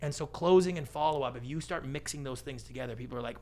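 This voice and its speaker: A middle-aged man talking casually as a podcast guest, animated and acting out what other people say. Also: mid-range voice, fast talker. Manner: animated, acts out quoted voices. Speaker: guest, pitch expert. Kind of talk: podcast interview.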